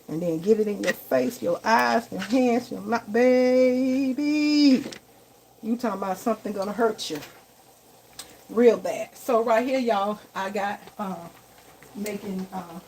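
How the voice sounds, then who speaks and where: A woman's voice: medium pitch, low-quality recording. A woman hosting a casual live cooking vlog in her home kitchen, chatting to viewers and calling them y'all and baby. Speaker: home cook and vlogger. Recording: kitchen recording with loud sizzling noise. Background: frying and sizzling in the pan.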